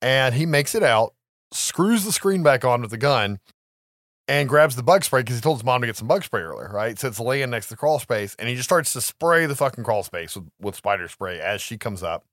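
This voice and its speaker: A man co-hosting a podcast, retelling a movie plot in a casual, animated way with frequent laughs. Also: medium pitch, a little fast, dry recording, clean studio sound. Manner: animated storytelling, laughs often, profanity. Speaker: podcast co-host.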